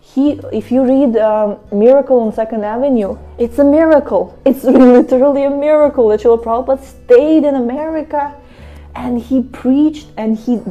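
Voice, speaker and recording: A woman's voice: high-pitched, moderate pace, muffled recording, soft background music. A woman from Russia living in India, giving a casual spiritual talk to her viewers and acting out the voices in her stories. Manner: animated storytelling, acts out quoted voices. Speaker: devotional speaker. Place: Mayapur, India.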